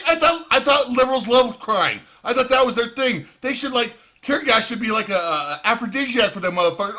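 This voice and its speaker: A man's voice: very high voice, animated, brisk, few pauses, pushed and bright. A man ranting in profane, heated commentary with sarcastic outbursts. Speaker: vlogger.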